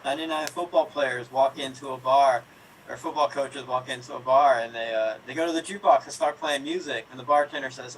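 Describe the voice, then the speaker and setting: A man's voice: mid-range voice, a little fast. A man telling improvised jokes in a rambling, self-correcting way. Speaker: improv player. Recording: distant mic, faint room noise.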